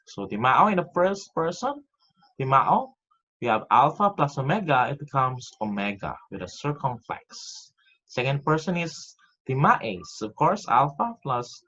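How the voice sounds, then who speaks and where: A man's voice: mid-range voice, fairly bright tone. A man teaching a recorded online class, reciting grammar rules step by step in a methodical way. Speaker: Greek teacher. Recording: dull lo-fi audio.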